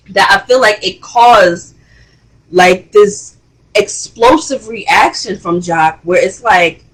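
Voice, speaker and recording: A woman hosting a casual reality TV review, chatty and expressive, with rising exclamations. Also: medium pitch, takes it slowly, husky, rough recording. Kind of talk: casual commentary.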